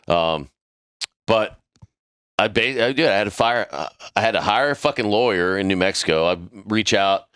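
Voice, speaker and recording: A man's voice: low-pitched, normal speed, fairly bright tone, smooth, dry recording, studio quality. A middle-aged man telling a story in casual, profanity-laced chat, acting out the voices of the people in it. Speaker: podcast crew member telling a story.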